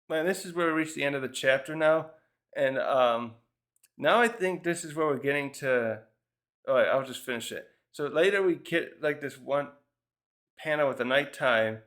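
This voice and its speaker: A man talks through a manga chapter in a loose, conversational way. He wanders from point to point, thinking aloud, and often breaks off a sentence to start it again. His voice sits at an ordinary middle pitch. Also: fairly bright tone. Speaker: manga reviewer. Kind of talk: casual review commentary.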